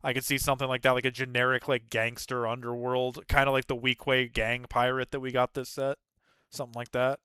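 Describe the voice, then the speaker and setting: A man in casual podcast chat with a bright, crisp and smooth voice. He keeps the talk moving from topic to topic, often stopping to apologize. The sound is dry and close. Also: medium pitch, level tone, no room sound. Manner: steers the talk, quick to apologize. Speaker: podcast co-host leading segments.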